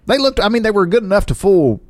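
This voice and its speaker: A man's voice: high-pitched, sing-song, quick pace, dry recording. A young man co-hosting a casual podcast, reading news stories and chatting, laughing easily. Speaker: podcast co-host.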